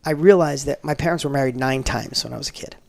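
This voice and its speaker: A man's voice: mid-range voice, fast, vocal fry. A middle-aged man, a guest in an interview, telling a personal story emphatically and acting out the dialogue. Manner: emphatic, animated, acts out quoted dialogue.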